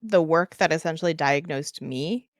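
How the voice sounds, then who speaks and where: A woman's voice: low voice, normal speed, dry recording, studio quality. A young woman from New York with a Northeastern US accent, rambling hesitantly with fillers as a podcast cohost in casual chat.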